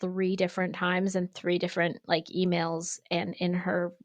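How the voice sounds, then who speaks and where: Woman podcast co-host, animated, swears freely, dry close mic. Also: on the low side, moderate pace, no echo. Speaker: pottery studio co-owner and podcast host. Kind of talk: casual storytelling chat.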